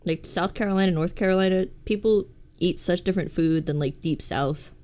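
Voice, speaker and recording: A woman's voice: fairly low pitch, fairly quick, darkish tone. A young woman from the American South with a light Southern accent, chatting casually as a streamer, swearing freely and answering chat. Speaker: VTuber streamer.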